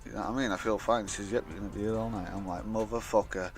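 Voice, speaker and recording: A young man with a fairly low voice tells a long personal story in a loose, rambling vlog style. He swears freely and slips into the voices of the people he quotes. Faint music plays softly behind him. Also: fairly even intonation, racing. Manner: rambling, swears a lot, acts out quoted dialogue. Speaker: vlogger. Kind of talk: casual storytime monologue.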